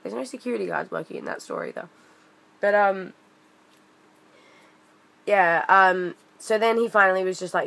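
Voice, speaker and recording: A woman's voice: medium pitch, moderate pace, vocal fry, long pauses, fairly bright tone. A young woman telling a story in a casual vlog, chatty and indignant, with frequent fillers. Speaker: vlogger.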